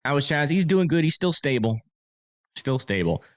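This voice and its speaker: A man's voice: a little high, big pitch swings, normal speed, no room sound. Chatty man rambling over storm maps. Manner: rambling, filler-heavy, chatty. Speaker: livestream storm forecaster. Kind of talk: casual livestream commentary.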